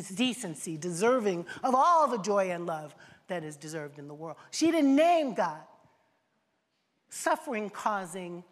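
A woman preacher delivering a sermon in rhythmic, repeated phrases, asking the congregation questions. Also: on the low side. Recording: long reverb of a large hall.

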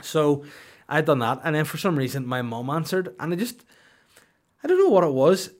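A man's voice: on the high side, big pitch swings, normal speed. A man, telling rambling, profane comic stories as a podcast host in a mock-serious tone. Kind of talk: comedic storytelling.

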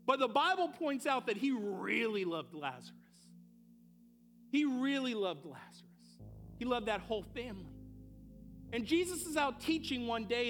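High-voiced guy preaching hard, acts out the bible characters, faint music behind. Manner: impassioned, building to shouted peaks; acts out quoted voices in dialogue. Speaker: pastor. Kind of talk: sermon.

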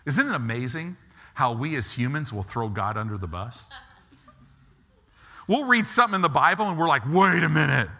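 A middle-aged man preaching a sermon, animated and acting out quick asides as he talks. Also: medium pitch. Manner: animated, acts out God and people in quick asides.

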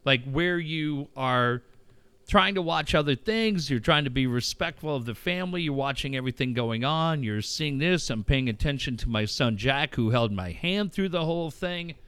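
A man's voice: fairly high pitch, animated, moderate pace, hardly any pauses, fairly bright tone, smooth, no echo. A middle-aged man hosting a podcast, telling personal stories in a candid, reflective way and swearing freely. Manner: candid, profane, reflective storytelling. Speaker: podcast host. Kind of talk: casual conversation.

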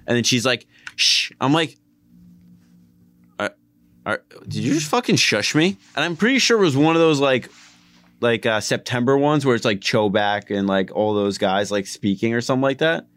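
A young man with a New Jersey accent, co-hosting a podcast, telling a story in an animated way with plenty of swearing. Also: medium pitch, normal speed, smooth, no room sound. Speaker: podcast co-host. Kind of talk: casual chat.

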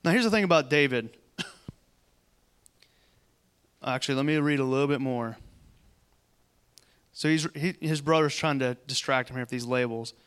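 A man preaching a sermon, reading scripture aloud and breaking off into quick, conversational asides. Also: mid-range voice, a bit bright, clean tone. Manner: conversational, quick asides between read passages.

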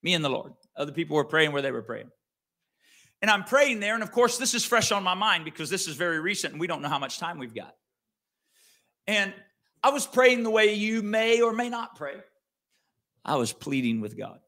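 A man's voice: sits high, big pitch swings, normal speed, bright, forceful tone. A middle-aged man, a pastor, telling a story in an earnest, conversational sermon with frequent restarts.

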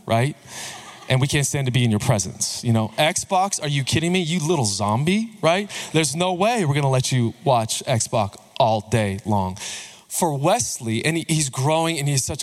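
A man in his thirties, a pastor delivering a sermon in a conversational, joking way with lively swings in pitch.

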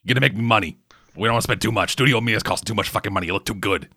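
A man's voice: lowish voice, rapid-fire, sharp tone, slightly rough, no echo, pitched below the performer's own voice, heavily acted. A man voicing a crude, greedy male studio executive with a put-on Brooklyn accent and a brash, dismissive, swearing manner.

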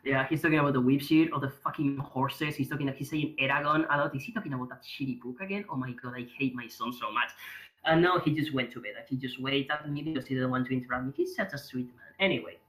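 A man's voice: medium pitch, fast talker, a bit bright, low-quality recording. A Spanish man with a strong Spanish accent, guest on a podcast, chatting in a rambling, profane, self-mocking way. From Spain. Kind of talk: casual chat. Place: home room.

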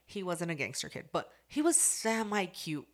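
A young adult woman casually telling a profane, animated story and acting out the people in it. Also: on the low side, moderate pace. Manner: profane, animated, acts out the voices in her story. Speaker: co-host.

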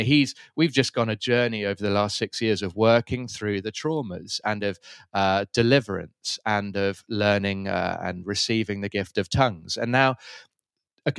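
A man's voice: fairly low pitch, fairly bright tone, clean tone, dry recording, clean studio sound. A man talking as a podcast guest, telling stories in an earnest, reflective way and laughing easily. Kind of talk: conversational storytelling.

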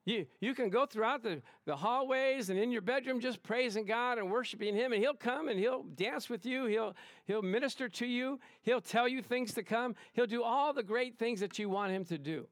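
Man, pastor, sermon, high voice, excitable, emphatic, dry sound. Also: moderate pace, few pauses, no room sound. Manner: excitable, emphatic preaching with laughs and call-outs of "Amen?". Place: church service in front of a congregation.

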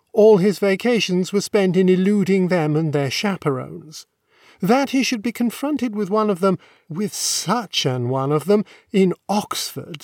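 A male narrator with a notably high voice reads a classic novel with measured, wry, elegant phrasing. The sound is dry and close to the microphone, with no room around it. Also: a little mellow, no echo. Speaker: audiobook narrator.

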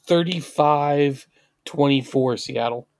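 A man's voice: fairly high pitch, takes it slowly, darkish tone, no echo. A man co-hosting a sports podcast, giving blunt, analytical takes in casual chat. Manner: blunt, analytical, confident picks. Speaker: podcast co-host.

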